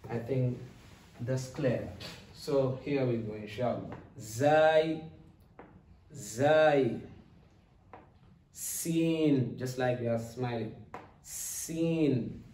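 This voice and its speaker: A man teaching an Arabic lesson, patiently drilling each letter sound with slow repetition. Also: medium pitch, mellow, distant mic, slight background noise. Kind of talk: recorded lesson. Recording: echoey room, voice set back from the mic.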